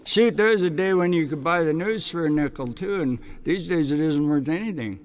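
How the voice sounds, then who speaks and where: A man chatting casually as a musician guest in a recording studio, talking quickly and laughing at his own jokes. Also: fairly high pitch, a little hiss or hum.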